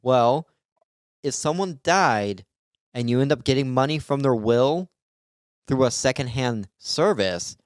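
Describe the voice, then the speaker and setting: A man's voice: mid-range voice, animated, measured pace, clear, resonant tone, no room sound, clean studio sound. A man hosting his own comedy podcast, delivering a rambling, sarcastic solo monologue of jokes with frequent restarts.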